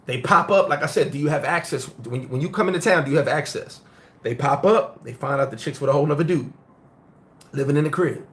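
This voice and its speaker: A middle-aged man who grew up in the United States, hosting a casual live-stream chat and telling stories in a blunt, profane, animated way. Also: fairly high pitch, a little fast. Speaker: host.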